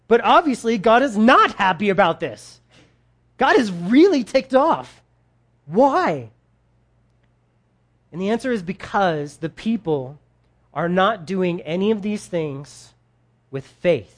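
Bible teacher, laid-back and slangy, mid-pitched voice, casual sermon delivery. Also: very animated, unhurried, pauses often. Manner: conversational, slangy, paraphrasing scripture in everyday speech.

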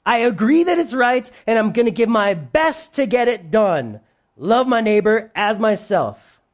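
A preacher voicing personified pride as a cocky, self-assured speaker, a little higher and louder than the preacher's own voice. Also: big pitch swings, a little slow.

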